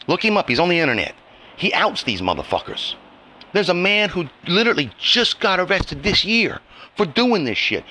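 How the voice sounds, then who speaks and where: Cursing guy ranting to his viewers, sarcastic, pitch all over the place, sharp bright voice, faint hiss behind. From United States. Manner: profane, scolding and sarcastic. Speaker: vlogger. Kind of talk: angry rant to camera.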